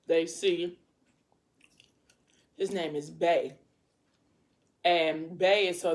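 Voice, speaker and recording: Mukbang vlogger, woman, slightly low voice, chatty storyteller who apologizes in passing. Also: darkish tone. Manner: casual and rambling, with quick apologetic asides.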